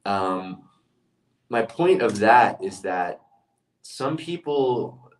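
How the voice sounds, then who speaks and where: A man's voice: on the low side, expressive, extremely slow, distant mic, poor audio. A man speaking as a leadership speaker in a casual monologue, telling stories earnestly and often restarting his phrases.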